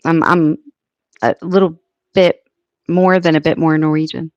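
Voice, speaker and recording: An American woman hosting a casual live chat with her viewers, thinking aloud and filling pauses as she works things out. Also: low voice, level tone, dry recording, lo-fi sound. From United States. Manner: chatty, thinking aloud with many fillers. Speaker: livestream host.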